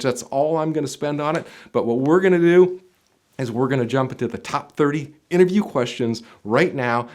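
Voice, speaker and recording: Speaking directly to the viewer in a mid-range voice, a man hosts a video of job interview tips. His coaching style is emphatic, alternating punchy lines with quieter asides in this instructional, direct-to-camera talk.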